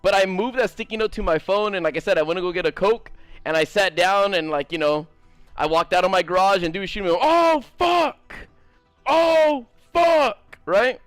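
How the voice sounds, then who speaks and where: A man streaming a game, telling a story in a casual, animated, swearing ramble and talking to his chat. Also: high voice, smooth, no room sound, faint music behind. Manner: animated, profane, fast-rambling. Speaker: gaming streamer.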